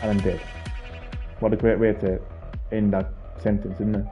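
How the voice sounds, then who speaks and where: A man's voice: fairly low pitch, flat delivery, moderate pace, warm tone, highs cut off. A man streaming a video game, chatting casually, ranting and swearing in a mock-outraged way. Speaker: gaming streamer. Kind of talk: casual live-stream chat. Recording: game music faint behind.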